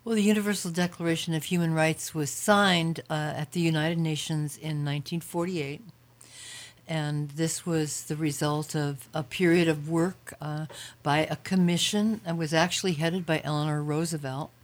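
Very low-voiced female advocate, informative radio guest. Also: fairly even intonation, moderate pace. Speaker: guest, human rights advocate. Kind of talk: explanatory radio talk.

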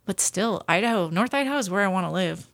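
A woman being interviewed about her outdoor adventures, a lively, self-deprecating storyteller who laughs often. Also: mid-range voice, fast, no room sound. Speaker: guest, outdoor adventure writer. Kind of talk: casual interview chat.

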